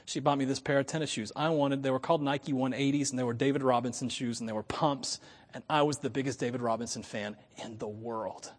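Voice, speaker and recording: A middle-aged male pastor preaching a storytelling sermon, moving from hushed asides to loud preaching and laughing at his own tales. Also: mid-range voice, fairly even intonation, brisk. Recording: long reverb from a large hall.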